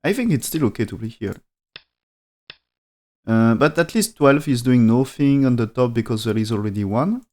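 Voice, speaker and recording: A man's voice: medium pitch, expressive, normal speed, darkish tone. A man commentating a go game on a live stream, thinking aloud in non-native English with frequent restarts and dropped articles.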